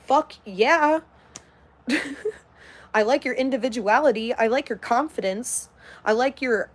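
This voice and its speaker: Woman in her twenties, casual live-stream host, cursing freely and straight-talking, voice a touch high. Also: takes it slowly, long pauses. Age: 20s. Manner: blunt and heavily profane. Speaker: livestreamer. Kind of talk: casual livestream chat reading comments.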